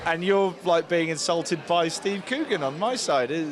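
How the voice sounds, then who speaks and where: A man's voice: on the high side, animated, moderate pace, a crowd in the background. A man co-hosting an event stream, teasing his partner in casual banter. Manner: dry teasing. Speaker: co-host. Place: outdoors at a busy event.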